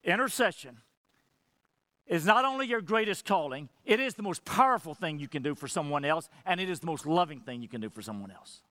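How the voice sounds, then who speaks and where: Male pastor, impassioned sermon, high lively voice, bright dry sound. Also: fairly quick, no echo. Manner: impassioned preaching with dramatic drops to near whisper; acts out quoted dialogue between God and Moses.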